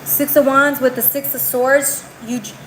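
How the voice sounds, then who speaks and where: A woman's voice: sits high, steady tone, moderate pace, slight background noise, rough recording. A woman giving a live tarot reading in a chatty, slangy way. She keeps tagging her lines with "right?" and often restarts or trails off mid-phrase. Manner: slangy, calls the viewer girl and bro. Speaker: tarot reader.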